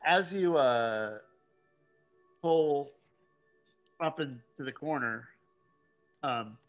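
A man running a tabletop game as game master, narrating haltingly with frequent laughs. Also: medium pitch, expressive, dull audio, soft background music. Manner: halting, laughs often, many fillers.

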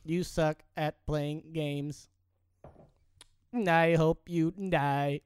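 A man's voice: on the high side, little pitch movement, very slow, a little mellow, clear, resonant tone, dry recording. A man in casual chat, joking in a mock-threatening way.

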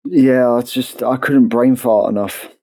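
A man's voice: mid-range voice, steady tone, a little slow, darkish tone, a little hiss or hum. A tired man co-hosting a podcast in casual chat, laughing often and swearing. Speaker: podcast co-host.

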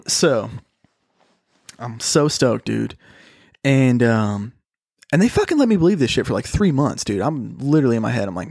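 A man's voice: mid-range voice, big pitch swings, moderate pace, creaky, long pauses, a little mellow, dry recording, studio quality. A young man telling a long personal story in a casual, slangy way, swearing often and calling his listeners "dude".

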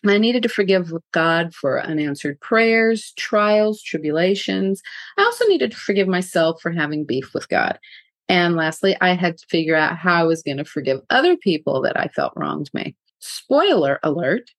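A woman hosting her own podcast, telling a personal story in a frank, animated way and laughing often. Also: on the low side, moderate pace, no room sound. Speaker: podcast host.

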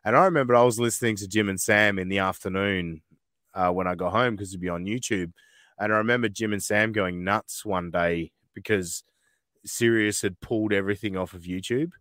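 Australian guy, lower voice, lively storyteller, guest on a podcast, dry close mic. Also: dry recording. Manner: quick, animated storytelling. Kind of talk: casual chat. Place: back shed.

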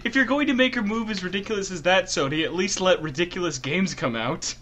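A man's voice: sits high, fast, fairly bright tone. A man co-hosting a podcast in casual chat, riffing with jokey, exaggerated bits. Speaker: podcast co-host.

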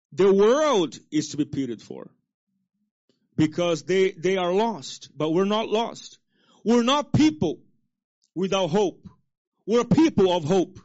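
A male pastor preaching a sermon with call-and-response to the congregation, swinging between loud exhortation and soft low asides. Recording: dull lo-fi sermon recording.

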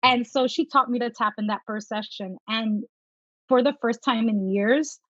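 A woman guest tells her story in an earnest, chatty way. Her voice sits a little high. The sound is dry and a bit dull, like a lo-fi recording. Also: moderate pace, no room sound. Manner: earnest, animated when quoting herself. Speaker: guest, tapping practitioner. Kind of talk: casual interview storytelling.

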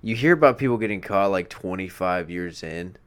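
Male co-host, lowish voice with a bright forceful edge, halting delivery full of restarts. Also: expressive, clean tone. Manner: hesitant, self-correcting, lots of fillers. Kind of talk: casual chat.

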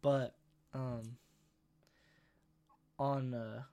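A man's voice: mid-range voice, little pitch movement, extremely slow, warm tone. A young man on a podcast, chatting casually with lots of fillers and swearing. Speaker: podcast co-host. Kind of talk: casual chat.

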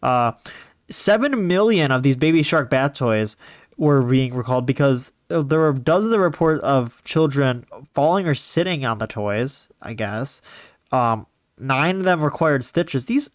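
A man's voice: medium pitch, a little slow, dry recording, studio quality. A man in his twenties from Northeast Ohio, hosting his own podcast and rambling through a casual solo monologue. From Northeast Ohio, USA. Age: 20s. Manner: rambling, animated storytelling. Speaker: podcast host.

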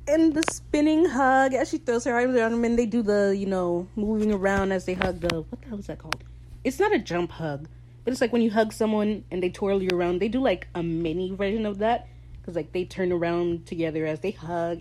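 A woman's voice: mid-range voice, normal speed, low-quality recording. A woman in a mid-range voice runs through a TV episode in a loose, chatty monologue. She gushes like a fan, swears freely and jumps into quoted voices and side comments. A faint background noise sits under the talk. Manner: excitable, swears freely, gushing fangirl asides. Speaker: podcast host recapping a TV episode. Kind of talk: casual recap monologue.

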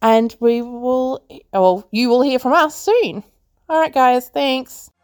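A woman hosting a podcast, casually reviewing films in a chatty way, full of "like" fillers and quick laughs. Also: high-pitched, darkish tone, clean tone, dry recording, studio quality. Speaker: podcast host, film reviewer. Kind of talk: casual movie review chat.

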